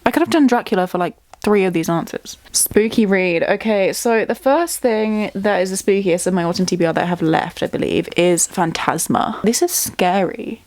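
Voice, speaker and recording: A woman's voice: mid-range voice, moderate pace, hardly any pauses, a little mellow. A young woman chatting casually as a book vlogger at home, bubbly and talkative, thinking aloud. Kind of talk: casual chat.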